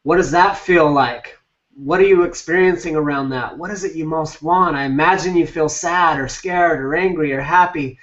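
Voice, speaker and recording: A male relationship coach gives a live talk on a group video call, blunt and emphatic, swearing casually. His voice is a little high and a bit bright at normal speed, reverberant, and the call audio sounds distant, dull, and lo-fi.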